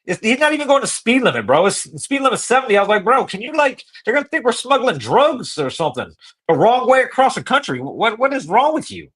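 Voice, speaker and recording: A man hosting a podcast, telling a road-trip story in casual, profane, slangy talk that gets animated. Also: very high voice, fast, breathy edge. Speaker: podcast host.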